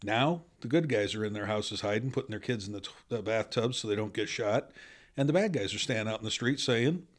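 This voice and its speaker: A man with a low voice speaks as a podcast guest and a former police officer. He tells stories bluntly and earnestly in casual conversation. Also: expressive, fairly quick.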